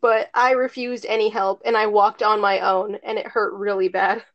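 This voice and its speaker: A woman's voice: medium pitch, little pitch movement, moderate pace. A teenage girl casually telling a story to friends, rambling with lots of "like" and some swearing. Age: teens. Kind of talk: casual chat. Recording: dull lo-fi recording.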